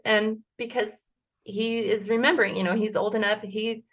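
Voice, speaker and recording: A woman's voice: medium pitch, flat delivery, moderate pace, fairly bright tone, slightly rough. A woman in her forties telling a personal story as a podcast guest, earnest and emotional, with frequent restarts. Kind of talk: casual conversation.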